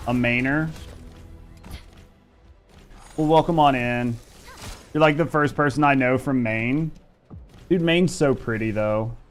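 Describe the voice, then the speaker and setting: Soft music plays behind this Indiana man in his thirties as he rambles on his live game stream in a Midwestern accent. His medium-pitched voice is slow with frequent pauses, and his laid-back talk is full of swearing.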